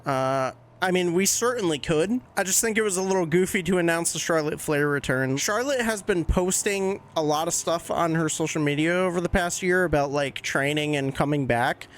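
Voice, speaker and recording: A man with a fairly high voice hosts a laid-back podcast. He talks in a chatty, candid way, with the odd swear word dropped in. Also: normal speed, hardly any pauses. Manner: chatty, candid fan opinions with casual swearing. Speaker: podcast host. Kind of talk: casual wrestling commentary podcast.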